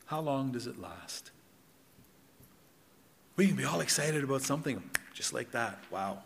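A middle-aged man preaching a sermon in a conversational way, asking the congregation questions and swinging between loud and hushed. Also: mid-range voice, lively intonation, unhurried, gravelly, in a large hall. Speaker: pastor. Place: church hall.

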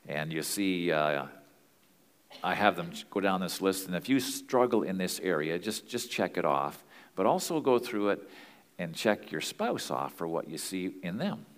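A man's voice: deep voice, long reverb tail. A man teaching as a pastor and marriage counselor, earnest and plain-spoken in a conversational way.

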